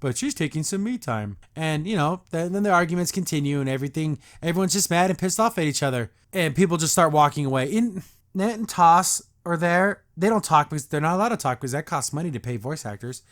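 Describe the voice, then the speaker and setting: A man's voice: fairly high pitch, animated, fast. A man hosting a podcast, recapping and reacting to a cartoon episode in a sarcastic, exasperated rant.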